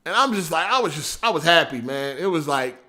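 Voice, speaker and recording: Man, livestream host, casual slangy talk, profane, high-pitched, bright forceful tone. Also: a little fast. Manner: animated, profane, slangy storytelling. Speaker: podcast host.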